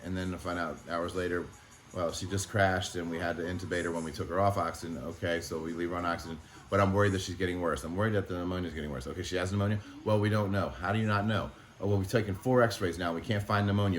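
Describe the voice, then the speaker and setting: Deep-voiced man, fast and frustrated. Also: a little hiss or hum. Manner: halting, frustrated, swears often. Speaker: animal sanctuary owner. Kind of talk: emotional vlog monologue.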